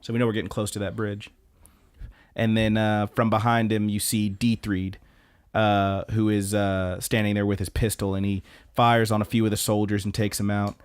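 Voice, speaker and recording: A man's voice: fairly low pitch, flat delivery, moderate pace, clear, resonant tone. A man co-hosting a podcast, casually retelling an anime episode with fillers and quoted lines. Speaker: podcast co-host. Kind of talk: casual chat recapping an anime.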